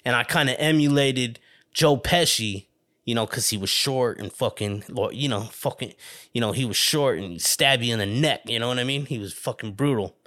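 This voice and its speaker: A man's voice: medium pitch, normal speed, a bit bright. A man hosting a solo podcast, rambling casually, swearing constantly and laughing often. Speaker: podcast host.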